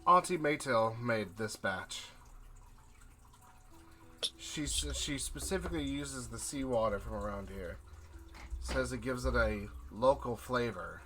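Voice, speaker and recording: A man's voice: medium pitch, unhurried, pauses often, sharp tone. A man voicing a friendly, slightly breathless woman who delivers bread, making polite small talk. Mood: friendly chatty.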